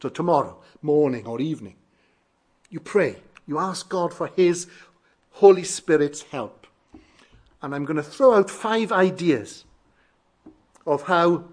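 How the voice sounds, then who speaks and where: A man's voice: fairly high pitch, a little mellow, slightly rough. A male preacher giving a sermon, emphatic, repeating phrases with shifting stress.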